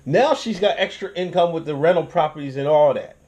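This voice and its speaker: Profane, ranting man with a higher voice. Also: fairly quick. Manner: profane, animated ranting with restarts and laughs. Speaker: commentary channel host. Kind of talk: casual commentary.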